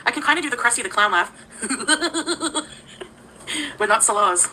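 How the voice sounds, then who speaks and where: A woman's voice: medium pitch, lively intonation, racing, bright, forceful tone, a little hiss or hum, low-quality recording. A woman talking casually on a livestream, greeting viewers by name and giggling often.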